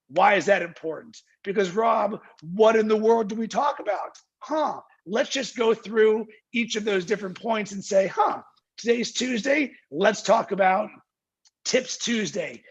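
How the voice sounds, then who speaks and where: Heard through lo-fi video-call sound, a man with a high, husky voice guests on an interview. He founded a marketing agency and talks with energy and emphasis, full of rhetorical questions and acted-out client lines.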